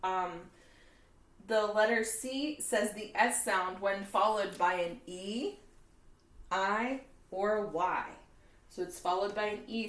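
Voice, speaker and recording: Woman schoolteacher, patient and explanatory, mid-pitched voice, reverberant room. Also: a bit bright. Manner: patient, explains slowly with frequent "okay?" checks. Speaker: teacher. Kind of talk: spelling lesson for fourth graders.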